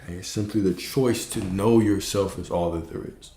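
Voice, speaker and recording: A man giving a relaxed livestream spiritual talk as a coach, repeating points and checking in with rhetorical questions. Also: low-pitched, moderate pace, slight background noise. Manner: relaxed, repetitive, checks in with "okay?". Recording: roomy echo.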